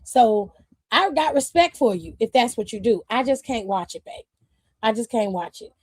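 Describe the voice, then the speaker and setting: A high-pitched woman hosts a casual livestream, talking to her viewers in a blunt, sassy way. She swears freely and laughs often. Her voice is close and dry, with no room sound around it. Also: expressive, normal speed, husky, dry recording. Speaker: streamer host.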